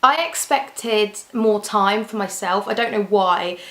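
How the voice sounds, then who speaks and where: A woman's voice: mid-range voice, takes it slowly, a bit bright. Chatty young woman, echoey room. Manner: chatty, candid, restarts often. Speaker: vlogger. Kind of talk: casual chat to camera.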